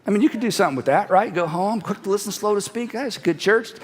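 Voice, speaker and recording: A middle-aged man preaching a sermon in a conversational, animated way, sometimes dropping to a hush for emphasis. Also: high voice, fast talker, big-room sound. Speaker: pastor.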